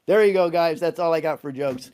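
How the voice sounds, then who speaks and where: A man hosting a livestream Q&A, telling a joke with lively voices, then answering a viewer question in a halting, emotional way. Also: on the high side, clear, resonant tone. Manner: animated storyteller, halting and emotional when moved. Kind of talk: casual livestream Q&A.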